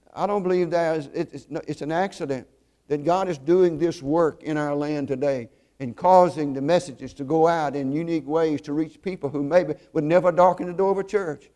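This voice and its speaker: An earnest male preacher delivering a sermon with a warm, mellow tone. His pitch sits a little high, and he drags certain words out slowly for emphasis. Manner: earnest storytelling, slows for emphasis.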